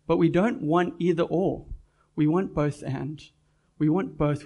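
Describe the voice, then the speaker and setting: A man's voice: on the high side, gravelly, darkish tone. A pastor preaching a sermon to his church, earnest and direct, putting questions to the congregation.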